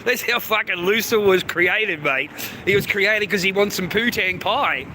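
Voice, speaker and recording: A man's voice: sits high, normal speed, noisy background. An Australian man hosting a livestream, ranting crudely and profanely and calling everyone mate. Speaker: livestream host. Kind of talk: rambling livestream rant.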